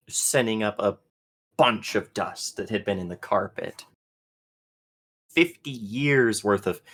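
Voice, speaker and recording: Man, game master, slow relaxed narration, tabletop game. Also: lowish voice.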